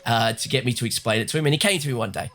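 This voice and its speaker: A man's voice: medium pitch, very fast, fairly bright tone. A man, rambling chattily while commenting on a video game. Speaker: gaming host. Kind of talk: casual let's-play commentary.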